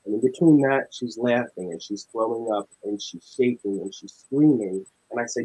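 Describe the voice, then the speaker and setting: A young man, a paranormal investigator, telling a story in casual chat and acting out the dialogue with animated energy. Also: medium pitch, moderate pace, few pauses, breathy edge, rough recording. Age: young adult. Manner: animated, acts out dialogue in tense retelling.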